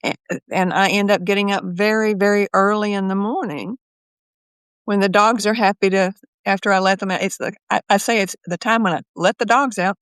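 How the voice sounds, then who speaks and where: A woman psychologist talking as a podcast interview guest, an animated storyteller who acts out her own inner voice. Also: medium pitch, brisk, clean tone, dry recording.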